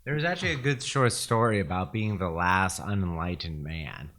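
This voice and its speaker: A man with a very low voice talks quietly on a podcast, musing and thinking aloud. His speech is soft and drifting, in a laid-back chat. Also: lively intonation, moderate pace, dry recording. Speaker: podcast co-host. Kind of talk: casual chat.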